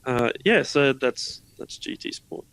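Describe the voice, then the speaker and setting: A man's voice: mid-range voice, lively intonation, a little slow, creaky, a bit bright, clean tone, no room sound, rough recording. A man co-hosting a casual gaming podcast, laid-back and teasing, often answering in short replies. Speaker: podcast co-host. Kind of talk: casual chat.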